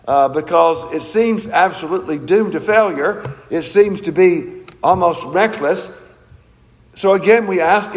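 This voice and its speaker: A man with a high-pitched voice delivers a sermon, earnest and emphatic, asking rhetorical questions. His voice rings with a long reverb, as in a large church hall. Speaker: pastor.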